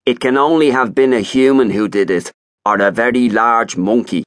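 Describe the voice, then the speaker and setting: A man's voice: mid-range voice, normal speed, no echo, clean studio sound, close to an everyday voice. A man voicing a worldly, proud black ram who speaks firmly. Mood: assured.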